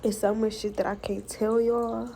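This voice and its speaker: A woman's voice: medium pitch, level tone, moderate pace, creaky, dark tone, a little hiss or hum, rough recording. Frustrated young woman venting on her vlog. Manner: venting, frank and profane, Southern US slang. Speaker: vlogger. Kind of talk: personal vlog confession.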